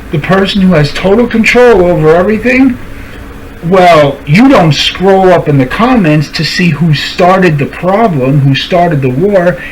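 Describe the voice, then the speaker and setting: A man's voice: high voice, a little hiss or hum, rough recording. A streamer ranting to camera, calling out people by name and repeating his points for emphasis. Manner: confrontational, addresses people directly by name. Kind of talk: angry rant to camera.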